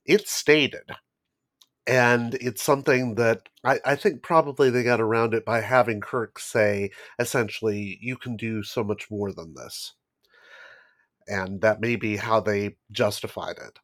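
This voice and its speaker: A man guesting on a podcast, amused and laughing as he shares trivia. His voice sits a little low. The recording is dry and close. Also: steady tone, measured pace, fairly bright tone, no echo. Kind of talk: casual chat.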